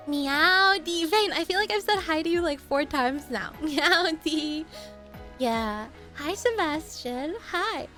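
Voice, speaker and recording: A young woman with a high, light voice chats on a live stream, rambling from one tangent to the next and laughing often. She stops mid-story to greet viewers by name, all over soft background music. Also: lively intonation, takes it slowly.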